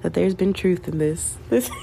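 A young woman in her twenties with a Southern US accent, chatting alone in a candid, rambling way, swearing and laughing as she talks. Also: fairly low pitch. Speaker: podcaster. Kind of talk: casual solo chat.

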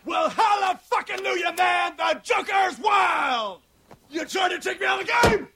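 A man's voice: very high voice, measured pace, vocal fry, bright, forceful tone, raised voice, full character voice. An actor playing an unhinged, coked-up gangster man who screams, swears and taunts manically. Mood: manic fury. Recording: film clip with crowd and noise.

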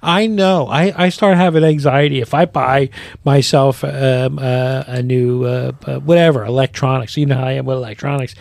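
A man's voice: medium pitch, fairly even intonation, normal speed, vocal fry, a little mellow, no room sound. A man co-hosting a podcast, rambling in casual chat with lots of fillers and curses. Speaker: podcast co-host.

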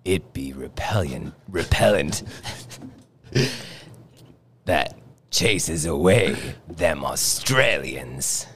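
A man voicing a gruff, boastful pirate captain who talks in mock-menacing pirate dialect. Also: extremely low pitch, expressive, drawn-out words, long pauses, fairly bright tone, a little hiss or hum, exaggerated voice. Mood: gloating. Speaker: podcast co-host.

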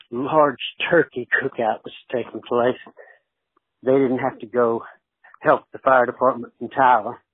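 A man's voice: mid-range voice, husky. A man from Texas with a Texan accent, calling in to a podcast and leaving a crude, joking voicemail. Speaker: listener calling in. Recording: tinny phone-line sound.

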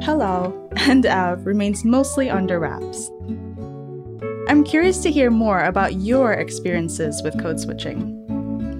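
A woman speaks as a podcast host over a clear guitar music bed. Her voice sits at a middle pitch. She talks candidly and laughs easily. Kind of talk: scripted podcast narration and casual chat.

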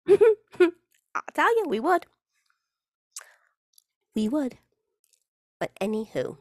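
A woman's voice: fairly high pitch, no echo, clean studio sound. A woman hosting a casual solo podcast in a chatty, rambling, playful way, with the odd swear word. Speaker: podcast host.

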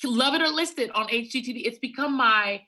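Bright, high-voiced emphatic woman. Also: brisk, husky. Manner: emphatic, insistent, laughs often. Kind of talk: casual chat.

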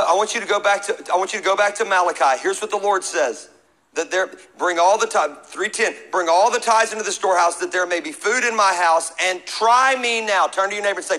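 A middle-aged man preaching a sermon in a high, bright voice. He mixes scripture reading with jokes and calls for the congregation to answer back. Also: slight background noise, low-quality recording. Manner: preaching with humor and call-and-response. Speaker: pastor.

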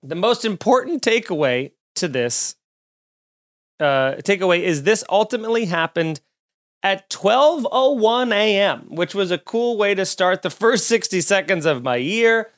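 A man hosting a comedy podcast, ranting in an animated, profane, mock-outraged way. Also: high voice, a little slow. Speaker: podcast host.

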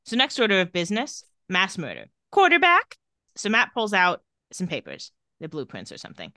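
Woman, podcast co-host, casual recap, wry asides, bright tone, dry close sound. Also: fairly low pitch, wildly swooping pitch, fairly quick, dry recording. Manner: reads out dialogue with wry asides.

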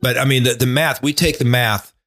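A man's voice: mid-range voice, fairly even intonation, brisk, a bit bright. A man in his sixties, a retired TV weatherman, telling a casual, rambling story full of restarts and asides. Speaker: retired TV meteorologist, guest.

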